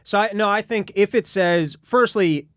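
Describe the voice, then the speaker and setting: A man's voice: sits high, moderate pace, a bit bright, clean tone, no echo, studio quality. A man guesting on a comedy podcast, chatting casually with sarcastic, rambling asides.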